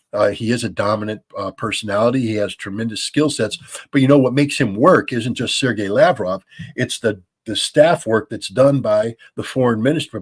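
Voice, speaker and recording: An American man in his sixties answers listener questions in a husky, fairly low voice. He explains at length in a measured way, often restarting with ums. The sound is dry and close. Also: no echo. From United States. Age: 60s. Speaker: guest, former weapons inspector. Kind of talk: call-in interview answers.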